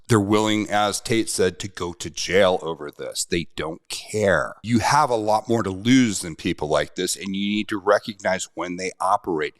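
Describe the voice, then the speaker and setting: Middle-aged male self-defense host, very low voice, dry close recording, emphatic plain talk. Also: no room sound. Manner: emphatic, conversational, repeats key points. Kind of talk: direct-to-camera commentary.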